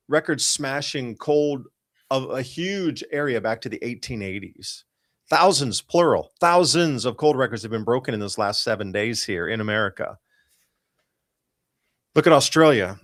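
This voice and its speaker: A man hosting a talk show, talking through weather charts in an excited, emphatic and rambling way. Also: medium pitch, no echo, clean studio sound. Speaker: host.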